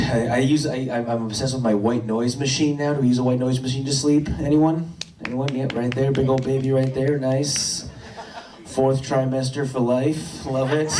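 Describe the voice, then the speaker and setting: Rambling stand-up comic in a roomy club. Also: male voice, mid-range voice, darkish tone, recorded from a distance, slight background noise. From Worcester, USA. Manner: rambling, self-interrupting, dry delivery with stammered restarts. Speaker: stand-up comedian. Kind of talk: stand-up comedy set. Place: comedy club stage.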